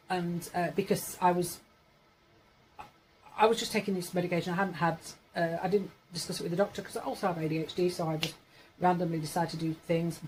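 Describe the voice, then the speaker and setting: A woman's voice: fairly low pitch, darkish tone, a little hiss or hum, low-quality recording. A woman in her forties from Yorkshire, England, chatting casually to camera in a rambling way, correcting herself as she goes. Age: 40s. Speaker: vlogger.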